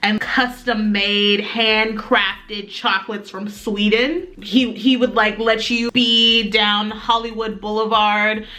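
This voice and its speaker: A young woman chatting through a get-ready-with-me storytime, rambling, animated and playful. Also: mid-range voice, slow, few pauses. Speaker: beauty vlogger.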